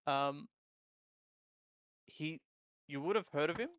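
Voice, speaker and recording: A man's voice: on the high side, takes it slowly, fairly bright tone, no echo. A man narrating a tabletop game as dungeon master, rambling with many fillers.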